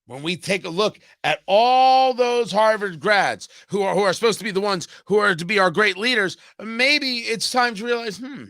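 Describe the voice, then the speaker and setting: A man's voice: sits high, bright, forceful tone, no room sound, clean studio sound. A man hosting a political commentary show, talking in a sarcastic, emphatic way. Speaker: host.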